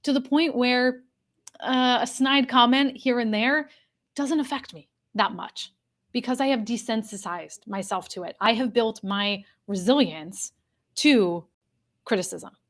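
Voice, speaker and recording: A woman's voice: a little high, measured pace. A woman executive coach teaching a live online workshop, talking straight to her audience and repeating the key points for emphasis. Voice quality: addresses a live chat audience directly.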